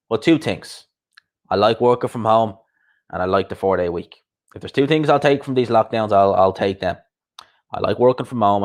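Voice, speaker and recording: A man hosting a live boxing chat, rambling casually and answering viewers' comments. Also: lowish voice.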